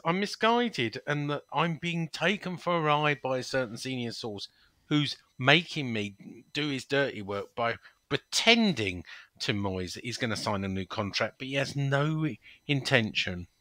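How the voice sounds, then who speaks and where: Bright-voiced man telling stories. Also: mid-range voice, lively intonation, a little slow, dry recording. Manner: anecdotal, playful. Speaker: podcast co-host. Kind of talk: casual football chat.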